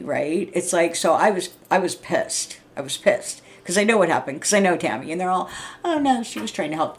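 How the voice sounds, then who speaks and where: A middle-aged woman livestreaming a casual, rambling rant, blunt and full of swearing. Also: lowish voice. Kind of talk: casual venting monologue.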